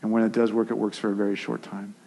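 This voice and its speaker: A man's voice: fairly low pitch, quick pace, gravelly. Conversational male preacher in a reverberant hall. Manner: animated, conversational preaching with restarts and acted asides. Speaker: pastor. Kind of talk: sermon.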